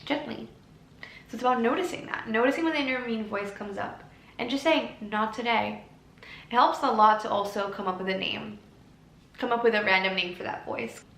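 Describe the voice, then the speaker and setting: A woman giving a casual self-help talk to camera, earnest and gently encouraging. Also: fairly high pitch, brisk, echoey room, low-quality recording. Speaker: lifestyle creator.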